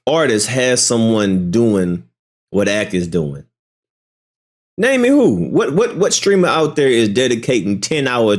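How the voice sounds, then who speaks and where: A man hosting reaction commentary, ranting in exasperated disbelief with lots of slang. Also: mid-range voice. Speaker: commentary host reacting to a stream.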